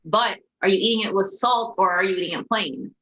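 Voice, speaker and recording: A woman's voice: medium pitch, brisk, bright, forceful tone. A woman chatting casually as a guest, pressing her point with repeated questions. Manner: insistent, questioning, laughs easily. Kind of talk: casual chat. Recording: dull lo-fi call audio.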